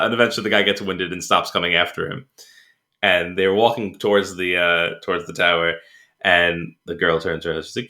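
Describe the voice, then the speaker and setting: A man's voice: lowish voice, moderate pace, sharp tone. A man co-hosting a podcast in casual chat, rambling with many fillers and restarts and laughing as he retells film scenes. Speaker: podcast co-host.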